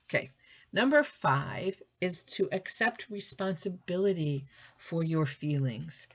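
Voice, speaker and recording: A woman's voice: lowish voice, animated, takes it slowly, breathy edge, dull audio. A woman teacher giving a recorded lesson in a conversational way, thinking aloud with fillers and restarts.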